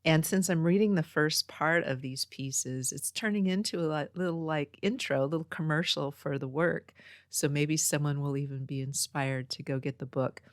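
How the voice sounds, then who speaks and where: Low-voiced chatty lady from northern california, rambling along, dry close sound. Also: normal speed, no room sound. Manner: chatty, meandering storytelling. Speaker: podcast host. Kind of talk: casual chat. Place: home next to a small post office. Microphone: own podcast mic.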